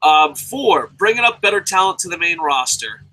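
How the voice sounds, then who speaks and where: A man giving a casual, profane, animated rant as a wrestling commentator. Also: sits high, moderate pace, poor audio.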